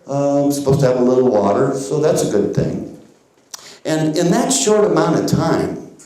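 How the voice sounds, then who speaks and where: Guy doing a hypnosis comedy act, talks volunteers along slow, chuckles, echoey hall sound. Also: medium pitch, dark tone. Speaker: stage hypnotist. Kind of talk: comedy hypnosis stage patter. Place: theater stage before a live audience.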